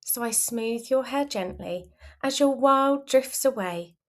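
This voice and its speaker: A woman reading a rhyming children's story aloud in a gentle, expressive, sing-song way. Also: fairly high pitch, slow. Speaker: storybook reader. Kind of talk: children's read-aloud in rhyme.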